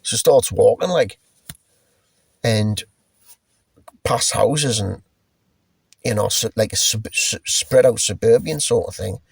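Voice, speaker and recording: A man's voice: on the low side, gravelly, darkish tone, slightly rough, dry recording. A middle-aged man rambling through a casual spoken recollection, swearing freely and restarting his sentences. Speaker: storyteller recalling a past journey.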